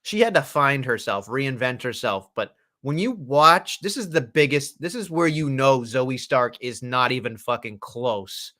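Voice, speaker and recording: A man's voice: mid-range voice, lively intonation, a little slow, few pauses, pushed and bright. Ranting man on a wrestling podcast. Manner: blunt, profane, ranting. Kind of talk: casual podcast chat.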